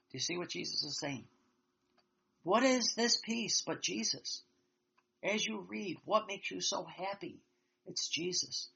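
A man giving an earnest, reflective spiritual talk, slow and halting with many restarts. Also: high-pitched, lively intonation, vocal fry, bright, forceful tone, breathy edge. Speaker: religious teacher. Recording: dull lo-fi sound.

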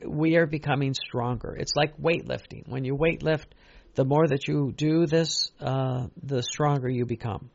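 A man's voice: medium pitch, steady tone, a little slow, creaky, a little mellow, dry recording, muffled recording. A man preaching a sermon in an earnest, repetitive way, stressing key phrases and often restarting.

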